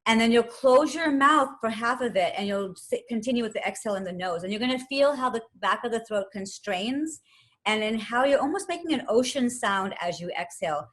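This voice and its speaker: A woman teaching yoga and meditation, calmly guiding a breathing exercise step by step and counting the breaths aloud. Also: fairly high pitch, fairly quick. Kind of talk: guided breathing instruction.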